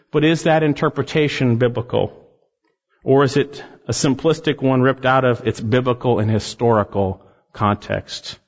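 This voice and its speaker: A man preaching an expository sermon as a pastor, emphatic, rising on key phrases and slowing down to drive points home. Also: on the high side. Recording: dull sound with long reverb in a large hall.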